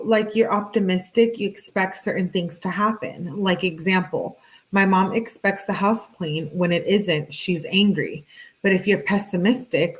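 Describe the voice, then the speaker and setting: Woman, true-crime commentary, reads messages aloud, blunt, exasperated asides, lower pitch. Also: rough recording.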